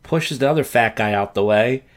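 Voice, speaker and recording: A man's voice: medium pitch, moderate pace, background noise. A man hosting a comedy podcast, giving crude, sarcastic running commentary on a video clip. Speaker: podcast host.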